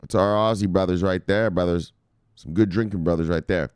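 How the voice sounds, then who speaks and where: A man hosting a crypto news show, talking casually and brashly to his viewers, swearing often and reading out viewer shout-outs. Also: deep voice, steady tone, brisk, clean tone, dry recording, clean studio sound. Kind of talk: casual profane market commentary to viewers.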